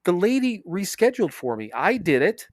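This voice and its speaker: A man's voice: sits high, big pitch swings, moderate pace, dry recording, clean studio sound. A man from Indiana co-hosting a podcast, telling a story in casual chat, swearing and quoting people as he goes. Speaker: podcast co-host.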